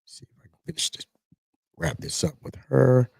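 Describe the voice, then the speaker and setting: A man's voice: medium pitch, moderate pace, gravelly, darkish tone, slightly rough, dry recording, studio quality. A middle-aged man rambling casually as a livestream host, often repeating himself.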